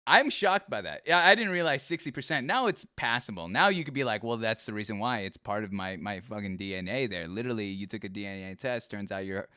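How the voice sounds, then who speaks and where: Teasing man podcast host, lively pitch, bright clear voice, dry mic. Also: quick pace, few pauses, dry recording. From Seattle area, United States. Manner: animated, teasing, hypes the guest. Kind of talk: casual interview chat.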